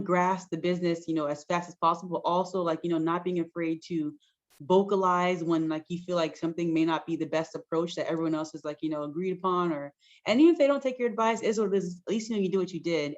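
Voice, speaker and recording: A woman's voice: on the low side, fairly even intonation, fast talker, dull audio. A woman pharmacist giving frank, chatty career advice as a guest on a video call, full of likes and ums. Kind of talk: casual advice-giving interview.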